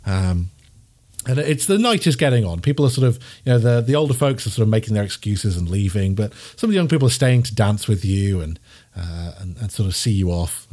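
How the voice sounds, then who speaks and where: A man's voice: on the low side, animated, a little fast, mellow. A man narrating as game master of a tabletop game, rambling with many restarts and laughing along.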